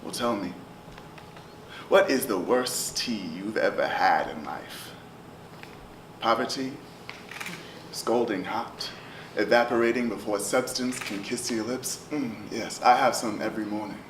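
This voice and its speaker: A man's voice: fairly low pitch, measured pace, pauses often. Man, spoken word poet, rhythmic chanting delivery, roomy echo, distant mic with ambient noise. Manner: rhythmic, chanting delivery swinging from loud calls to near whispers. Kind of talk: spoken word poetry performance.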